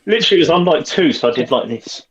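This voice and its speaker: A man's voice: on the high side, lively intonation, racing, a bit bright. A British man co-hosting a casual podcast, introducing guests in a playful, teasing way. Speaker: co-host. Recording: dull lo-fi sound.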